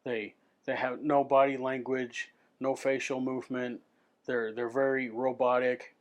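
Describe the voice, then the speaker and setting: A man's voice: mid-range voice, level tone, unhurried. A man ranting to his camera in an unscripted vlog, swearing freely and stumbling over repeated words as he restarts his sentences. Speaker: vlogger.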